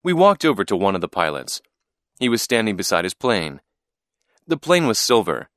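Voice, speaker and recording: A man reads a first-person story aloud in a clear, expressive way. His pitch moves with a lot of life. The sound is dry and close. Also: moderate pace, no echo. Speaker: narrator. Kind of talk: scripted storybook narration.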